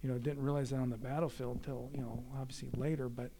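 A man's voice: mid-range voice, fast, slight background noise. A man casually retelling his father's war stories, acting out the dialogue with animation. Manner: animated, acts out quoted dialogue. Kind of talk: casual storytelling.

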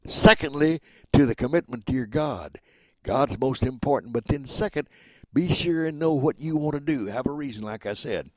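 A man in his seventies tells stories with rambling, dramatic energy. His voice sits at a middling pitch and sounds dry, with no room around it. He comes from Oklahoma and speaks as a guest. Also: normal speed, no echo. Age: 70s. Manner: animated, rambling, dramatic storyteller. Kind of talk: storytelling interview.

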